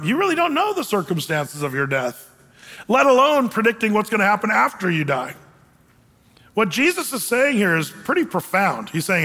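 A man's voice: high-pitched, sharp tone, long reverb tail. A man preaching a sermon in an emphatic, conversational way, acting out quotes as he goes. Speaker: pastor.

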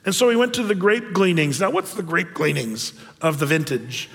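A man preaching a sermon in a chatty, animated way, full of fillers and asides. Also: a little high, moderate pace, gravelly, hardly any pauses, long reverb tail. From United States. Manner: conversational, animated with frequent fillers. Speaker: pastor.

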